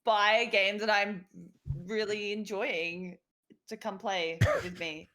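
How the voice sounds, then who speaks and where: A woman's voice: mid-range voice, steady tone, slow pace, bright, forceful tone. Playful woman guest chatting. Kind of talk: casual chat.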